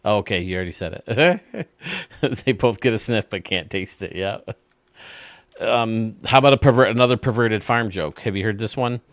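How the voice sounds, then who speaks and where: A man's voice: lowish voice, moderate pace, dry recording. A male host casually telling dirty jokes and chuckling at his own punchlines. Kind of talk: casual joke-telling chat.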